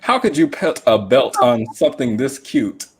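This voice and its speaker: A man's voice: mid-range voice, animated, normal speed, a little hiss or hum. A man hosting a casual panel podcast, talking in an emphatic, opinionated way. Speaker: podcast host.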